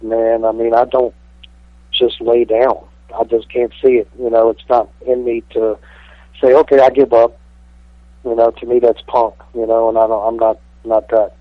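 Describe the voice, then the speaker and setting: A man's voice: mid-range voice, no room sound. A man, a professional wrestler guest, telling stories in a brash, swaggering, profane way. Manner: brash, swaggering, heavy cursing. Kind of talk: profane interview storytelling. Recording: tinny dry phone line.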